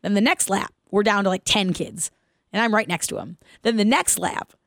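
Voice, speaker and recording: A woman in her thirties hosting her own podcast, telling a personal story in an animated, casual way, laughing as she goes and asking listeners questions. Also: medium pitch, normal speed, no echo, studio quality. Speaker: podcast host.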